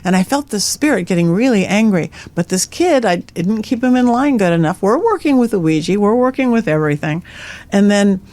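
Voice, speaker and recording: On a podcast, a middle-aged psychic medium animatedly recounts ghost stories and chuckles at her own remarks. Her medium-pitched voice is lively, fairly quick, and somewhat dark.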